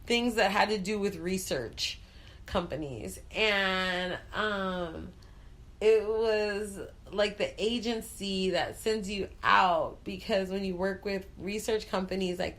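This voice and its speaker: A woman hosting a talk show, a bubbly, chatty storyteller who speaks frankly and swears freely. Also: mid-range voice. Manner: frank and profane. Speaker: host. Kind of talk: casual chat.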